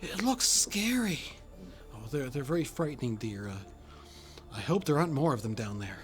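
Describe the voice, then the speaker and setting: A fussy, timid mother who stammers and speaks softly, as a man puts her on. The voice sits a little high, with faint music behind. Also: very animated, normal speed. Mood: nervous. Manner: stammering, hushed.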